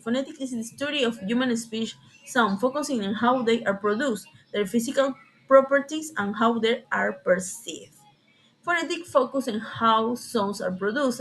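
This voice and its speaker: A young woman student giving a class presentation, reading her points haltingly and correcting herself now and then. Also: on the high side, a bit bright, poor audio. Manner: halting, careful, with frequent self-corrections.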